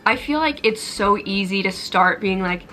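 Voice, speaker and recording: A young woman in her twenties talks to her camera at home in a chatty, rambling way, full of fillers and self-deprecating asides. Her voice is bright and clear. A faint hum of household sounds sits behind her. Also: mid-range voice, animated, normal speed, poor audio. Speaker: vlogger. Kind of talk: casual vlog chat to camera. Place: home kitchen and bedroom.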